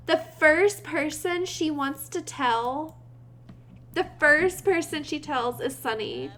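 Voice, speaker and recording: A woman's voice: high-pitched, expressive, slow pace, a bit bright. A woman giving casual gameplay commentary, chatty and giggly, talking to her game characters and her viewers. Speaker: gaming video creator.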